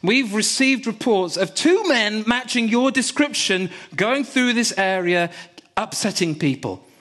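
A man's voice: high-pitched, animated, measured pace, a bit bright, voice pushed up. A man voicing a curt male plainclothes police officer while retelling a story in a sermon. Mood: curt official.

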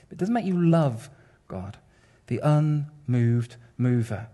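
A man preaching a sermon in an animated, wry, conversational way, addressing his congregation. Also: fairly high pitch, moderate pace.

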